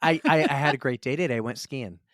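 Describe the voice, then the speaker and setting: A man's voice: mid-range voice, quick pace, no room sound. Chatty man telling a story, dry sound. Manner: animated storyteller, repeats phrases. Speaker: podcast co-host. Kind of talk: casual chat.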